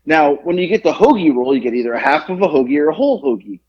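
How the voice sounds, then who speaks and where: Animated husky man telling a story. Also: fast talker, muffled recording. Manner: animated storyteller, acts out quotes with big pitch jumps. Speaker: podcast co-host. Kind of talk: casual storytelling chat.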